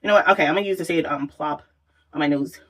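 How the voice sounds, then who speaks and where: A woman's voice: deep voice, fast. A woman chatting casually through a makeup tutorial, exclamatory and swearing freely as she works. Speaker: makeup vlogger.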